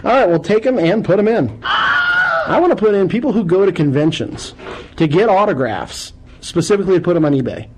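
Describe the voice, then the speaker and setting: A man hosting a call-in radio show, chatting casually and animatedly with loud bursts of exclamation. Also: high voice, wildly swooping pitch, a little fast, background noise.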